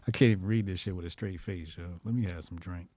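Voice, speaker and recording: A man's voice: deep voice, darkish tone, dry recording, studio quality. A male comedian hosting a loose, profane commentary show, laughing and riffing in slang as he reacts to posts online. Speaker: comedian host.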